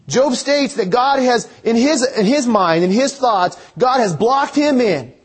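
A man delivers a sermon in a high, light voice. He reads scripture aloud, then explains it earnestly, pausing to ask his listeners direct questions. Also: very animated, breathy edge. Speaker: pastor.

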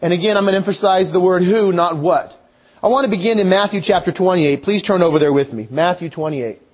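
A man's voice: high-pitched, fairly quick. A man preaching a sermon in a conversational way, thinking aloud and restarting his phrases.

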